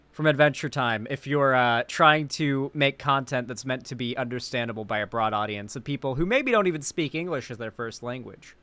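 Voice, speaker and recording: A man with a Midwest American accent giving animated, sweary, rambling reaction commentary. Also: mid-range voice, normal speed, clear, resonant tone, no room sound. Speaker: commentary host.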